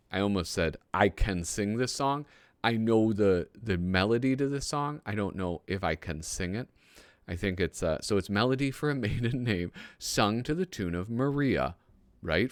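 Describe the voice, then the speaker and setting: Man, low voice, very animated, casual comedic commentary, self-deprecating asides, frequent chuckles. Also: no echo, studio quality. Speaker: host reading old magazine jokes.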